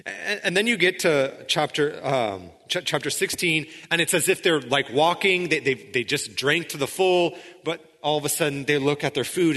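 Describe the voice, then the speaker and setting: A man preaching a sermon in a conversational way, with frequent restarts, sometimes dropping into quiet intensity. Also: fairly high pitch, lively intonation, normal speed, few pauses, big-room sound. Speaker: pastor.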